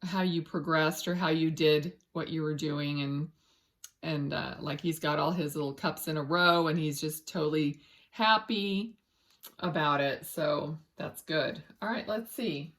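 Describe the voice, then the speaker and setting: An unhurried, low-pitched woman gives a tarot reading as a medium, her intonation fairly even. She speaks casually and rambles, restarts when searching for words, and softly murmurs to spirit between cards.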